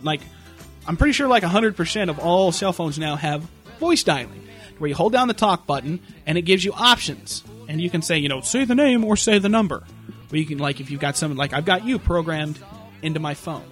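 A young man ranting in a casual comedic way, swearing a lot and acting out shouted impressions. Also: fairly high pitch, a little fast, faint music behind. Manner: profane, animated, yells impressions of people.

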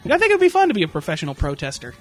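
A man's voice: high voice, huge pitch swings, rapid-fire, faint music behind. A young man telling crude, jokey stories in casual chat and breaking into exaggerated impressions. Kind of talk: crude comedic storytelling chat.

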